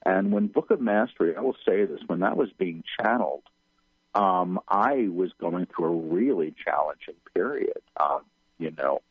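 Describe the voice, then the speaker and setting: Low husky guy on a phone line, radio guest, softly repeats lines while channeling. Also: animated, moderate pace, dry recording. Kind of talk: radio interview, whispered channeling.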